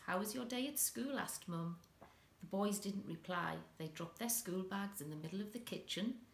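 A woman reading a children's story aloud with an expressive, dramatic delivery, in an echoey room. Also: fairly low pitch, creaky.

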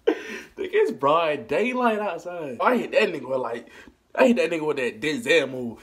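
Husky man telling a profane story. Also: fairly high pitch, moderate pace. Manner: animated, profane, laughing storyteller. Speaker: vlogger. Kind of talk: casual storytime.

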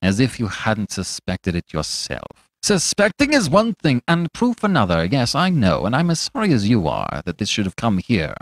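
A man's voice: mid-range voice, wildly swooping pitch, moderate pace, few pauses, no room sound, studio quality. A man voicing a reckless young doctor who talks in a cool, sneering, worldly way.

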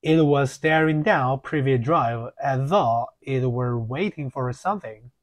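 A man narrating an audiobook in a measured reading, with occasional filler slips. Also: medium pitch.

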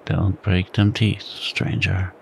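A man in whispered role-play voicing a menacing male faro dealer who talks in a slow, ominous drawl. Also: low-pitched, monotone, vocal fry, a little hiss or hum, full character voice.

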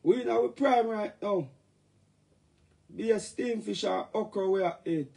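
A man's voice: sits high, measured pace, vocal fry, darkish tone. A middle-aged man with a Jamaican accent, talking in patois on a casual, joking livestream rant.

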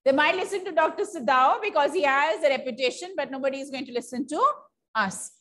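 A woman's voice: high-pitched, fast talker, a bit bright. A woman with an Indian accent teaching an English lesson. She reads a story aloud and explains it, asking the class questions and then answering them herself.

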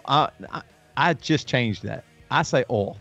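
A man's voice: mid-range voice, expressive, a little slow, creaky, fairly bright tone. A man hosting a casual show, telling stories in a rambling way with many restarts. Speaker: host. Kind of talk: casual chat. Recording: dull lo-fi stream, faint music.

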